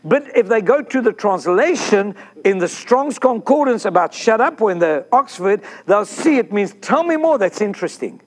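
A man preaching an excited sermon, breaking into whoops. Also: high-pitched, moderate pace, hardly any pauses. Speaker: pastor.

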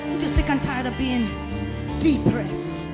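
A woman preacher delivering an emphatic sermon, calling out to the congregation, laughing often and swinging between soft asides and loud cries. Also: sits high, animated, moderate pace, over loud music. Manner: emphatic, shouting call-and-response to the congregation. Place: church.

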